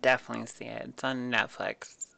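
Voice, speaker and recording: Gravelly man, eager casual chat. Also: mid-range voice, flat delivery, brisk, a crowd in the background. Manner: enthusiastic, chimes in with short recommendations. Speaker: podcast co-host.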